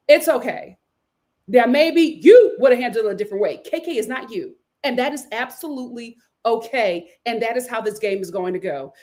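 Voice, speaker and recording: A young woman with a high, bright-sounding voice talks through a reality episode live, sassy and emphatic. She slips into the cast members' words as she retells each scene. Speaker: reality show reviewer. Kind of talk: live recap commentary.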